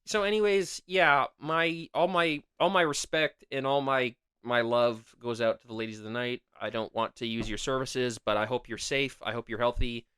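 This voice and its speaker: A man with a smooth, clean voice co-hosts a loose podcast conversation. He argues hard, his pitch leaping when he objects. The sound is dry and close. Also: fairly even intonation, normal speed, hardly any pauses, a bit bright, dry recording. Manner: argumentative, voice jumps up when protesting. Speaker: podcast co-host. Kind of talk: casual chat.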